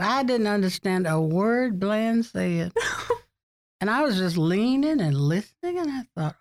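A woman's voice: medium pitch, big pitch swings, unhurried, a little mellow. An older woman in an oral history interview, recalling colleagues as a chatty storyteller who laughs often.

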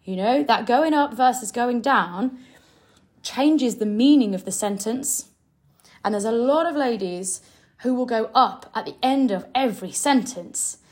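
A young woman speaks in a somewhat high voice, giving direct, no-nonsense coaching. She is emphatic and instructive. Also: a little slow, a little mellow. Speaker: sales coach. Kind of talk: direct coaching talk to camera.

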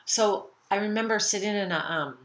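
A woman's voice: medium pitch, moderate pace, fairly bright tone. A middle-aged woman hosting a spiritual self-help podcast, rambling casually, swearing now and then and acting out the voices in her head. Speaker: podcast host.

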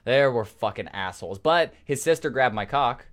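A man's voice: medium pitch, animated, moderate pace, a bit bright. Rambling, cursing podcast guy. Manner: rambling storyteller, lots of cursing and restarts. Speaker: podcast co-host. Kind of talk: casual podcast chat.

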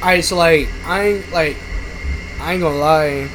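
A man, a podcast guest who works at a pizza shop, telling stories in casual chat in an animated, profane way. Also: on the high side, moderate pace. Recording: noisy background.

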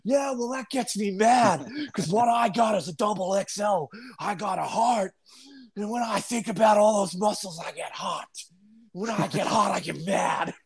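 A man doing a furious shouting cowboy. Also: moderate pace, vocal fry. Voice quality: high, shouted, strained. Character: gruff Texan cowboy wrestler, hot-tempered, shouting.

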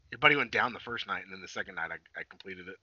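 A man's voice: low-pitched, bright, forceful tone, no echo. A man co-hosting a podcast in casual, profane banter. He jokes a lot and often trails off mid-sentence. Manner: profane, joking, trails off and restarts. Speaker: podcast co-host. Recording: dull lo-fi dry sound.

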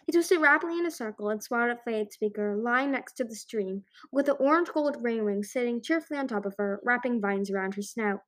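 A woman's voice: on the high side, fairly quick, few pauses. A woman narrating a children's fantasy book as an amateur audiobook reader, with frequent slips and restarts.

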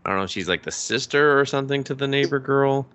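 A man's voice: medium pitch, fairly bright tone, clean tone. A man co-hosting a podcast, casually recapping an anime, swearing freely and acting out the characters' lines. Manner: profane, acts out characters' lines in quick voices. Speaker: podcast co-host.

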